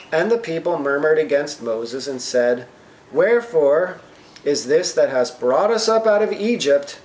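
A man preaching a sermon, reading scripture slowly and paraphrasing it, often asking the congregation "right?". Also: fairly high pitch, darkish tone. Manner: asks the congregation questions, frequent "right?". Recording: roomy echo, faint ambience.

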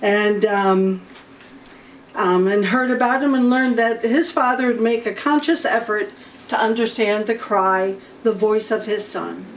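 A woman leading an informal Bible study, unhurried and often stopping to clear her throat. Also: mid-range voice, fairly even intonation. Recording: faint room noise, from a distance.

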